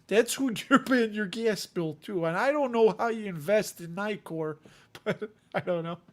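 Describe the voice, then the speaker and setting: A man's voice: high voice, a little slow. A man from Chicago with a Chicago accent, hosting a casual investing livestream in a rambling, joking, self-deprecating way. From Chicago area. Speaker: dividend investing livestream host.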